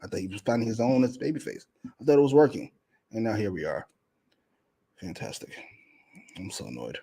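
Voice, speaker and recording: A man co-hosting a wrestling review, talking in an exasperated, sarcastic way and often trailing off quietly. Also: medium pitch, expressive, fast talker. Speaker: co-host. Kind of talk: casual podcast banter.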